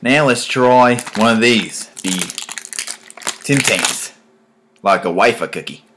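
A man putting on a deliberately bad Australian accent while presenting a food tasting video. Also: on the low side, flat delivery, background noise, close to an everyday voice. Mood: jokey.

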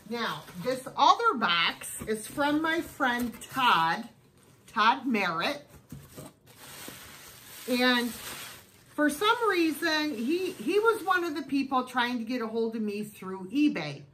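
A woman's voice: on the high side, sharp tone, slight background noise, poor audio. A woman chatting at home in a casual haul video, gushing over each thing she unpacks. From United States. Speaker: thrift vlogger.

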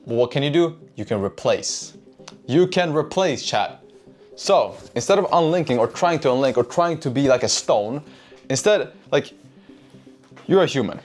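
Male trading coach, mid-pitch, casual and profane, talks straight to chat, faint music bed. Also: animated, moderate pace, darkish tone. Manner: profane, keeps asking "right?", addresses chat. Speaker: trading educator. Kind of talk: casual whiteboard trading lesson.

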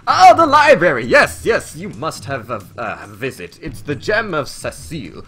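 A man voicing an elderly, proud male town mayor in a video game, with drawn-out, quavery old-man speech. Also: on the high side, huge pitch swings, a bit bright, soft background music, voice pushed up, exaggerated voice. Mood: delighted. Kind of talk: voicing game dialogue aloud.

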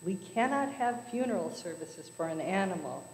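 A man's voice: high voice, expressive, normal speed, gravelly, a little hiss or hum. A woman voicing a flustered older priest who exclaims in a told joke. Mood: reluctant. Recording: echoey church hall.

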